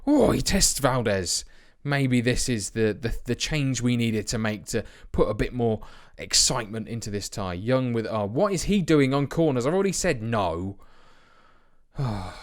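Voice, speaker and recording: Chatty self-mocking man. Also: medium pitch. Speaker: let's play host. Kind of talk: casual game commentary.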